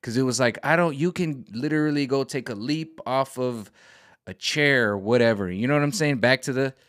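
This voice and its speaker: A man ranting casually to camera as a vlogger, animated and exasperated. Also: medium pitch, moderate pace, dry recording, clean studio sound. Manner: animated, exasperated, jumps into quoted voices. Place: home room set up for streaming.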